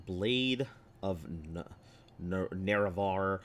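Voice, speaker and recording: A man streaming a game in a somewhat low voice, talking through what to do next in a loose, rambling way and reading on-screen text aloud. His voice sounds slightly rough and throaty from a tickle in his throat. There is a faint hiss of noise behind him. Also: lively intonation, a little slow, a bit bright. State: clearing his throat often. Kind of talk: casual gameplay commentary.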